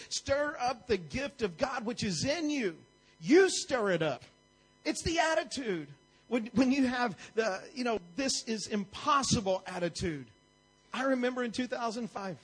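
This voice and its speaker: A man delivers a sermon in a church, his voice pitched high with a husky edge. He drives his points home through emphatic repetition. Faint music plays softly behind him. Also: poor audio. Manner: emphatic, repetitive preaching cadence. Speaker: preacher.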